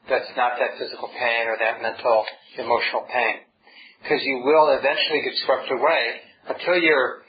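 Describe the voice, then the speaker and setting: A man giving a dharma talk as a meditation teacher, calm and reflective, speaking in gentle repeated phrases. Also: mid-range voice, muffled recording. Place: meditation hall with a group.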